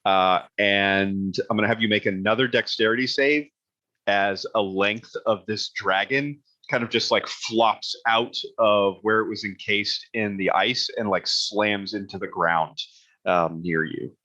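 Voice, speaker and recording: Bright-voiced man running a tabletop game. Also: on the low side, steady tone, no echo, lo-fi sound. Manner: casual and halting, many fillers and restarts. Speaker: game master.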